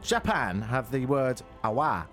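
A man's voice: mid-range voice, sing-song, unhurried, fairly bright tone, soft background music. A young man in his twenties, co-hosting a casual radio chat, playful and jokey, stumbling over foreign words. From England. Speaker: radio co-host.

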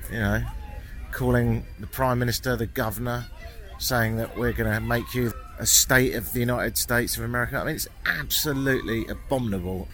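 A man's voice: medium pitch, fairly even intonation, normal speed, fairly bright tone. Wry British man vlogging outdoors. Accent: British English. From Britain. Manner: chatty, wry, swearing, earnest. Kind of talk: walking vlog monologue. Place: outdoors in a small mountain town.

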